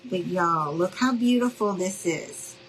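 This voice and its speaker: Slow-talking friendly craft host woman. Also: fairly low pitch, slight background noise, low-quality recording. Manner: chatty, friendly, addresses viewers as y'all. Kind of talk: casual live crafting demo.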